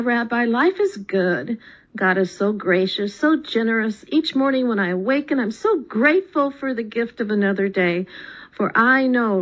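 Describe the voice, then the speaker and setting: Grateful devout farmer man, woman reading, gentle and thankful, lively pitch, muffled radio. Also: close to an everyday voice.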